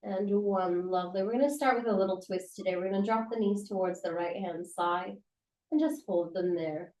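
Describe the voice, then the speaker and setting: A woman teaching a yoga class, giving calm, encouraging, unhurried cues through the movements and breaths. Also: medium pitch. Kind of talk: guided yoga class instruction. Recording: roomy sound from a distance.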